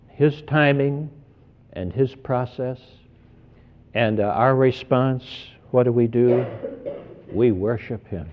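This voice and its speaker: A man preaching a sermon in an earnest, deliberate way, often repeating words as he stresses each point. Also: medium pitch. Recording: tinny phone-like sermon recording.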